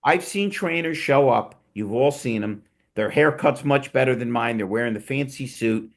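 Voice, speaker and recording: A man's voice: mid-range voice, moderate pace, gravelly. Joking male panel host. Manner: joking, digressive, teasing. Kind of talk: casual panel chat.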